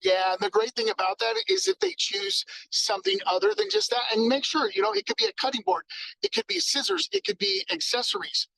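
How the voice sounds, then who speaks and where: A man giving an energetic sales training talk, acting out exchanges with customers. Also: very high voice, brisk, gravelly, poor audio.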